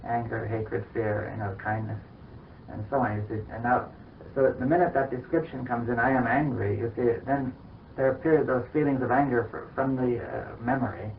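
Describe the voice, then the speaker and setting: A man in a philosophical conversation who reasons slowly and hesitantly, explaining step by step and leaning on "you see.". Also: medium pitch, steady tone. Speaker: scientist in discussion. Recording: distant, tinny archival recording with faint hiss.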